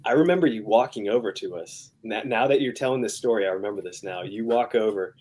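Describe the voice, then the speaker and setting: A man, a former police officer, recalling an old memory in casual talk with small halting restarts. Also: lowish voice, darkish tone. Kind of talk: casual conversation.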